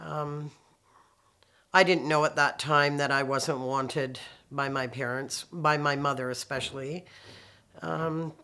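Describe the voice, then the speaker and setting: A woman's voice: sits low, fairly even intonation, slow pace, bright, forceful tone, clean tone. A woman, giving heartfelt personal testimony, often repeating phrases and restarting sentences. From Canada. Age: 60s. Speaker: interviewee sharing her life story.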